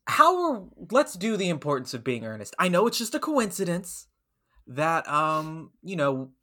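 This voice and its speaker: A woman's voice: on the low side, sing-song, moderate pace, fairly bright tone. A woman hosting an improv comedy podcast, wry and exasperated as she explains. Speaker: podcast host.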